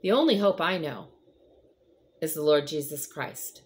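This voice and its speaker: Woman host, casual faith chat, slightly low voice, earnest, lots of fillers. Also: animated, measured pace. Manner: conversational, rambling with frequent fillers; earnest, encouraging. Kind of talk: casual devotional talk.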